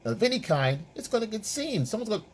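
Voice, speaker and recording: A man's voice: high-pitched, very animated, fast talker, a little hiss or hum. A man working as a dating and relationship coach, giving opinion commentary in an emphatic, repetitive, lecturing way.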